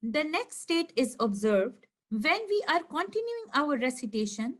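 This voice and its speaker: A woman teaching a recorded lesson over slides, explaining slowly and clearly and stretching out each example word. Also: sits high, big pitch swings, fairly bright tone. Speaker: tajweed teacher.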